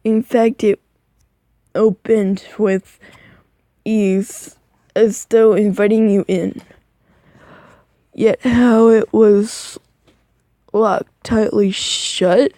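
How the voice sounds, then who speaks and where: A drowsy woman reads a second-person story aloud at a slow, unhurried pace, her voice mellow and soft-edged. She stumbles over words now and then and stops to comment on what she reads. She is recorded on a phone mic. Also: mid-range voice, fairly even intonation, no room sound. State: sleepy, yawning. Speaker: reader of fan fiction. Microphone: phone microphone.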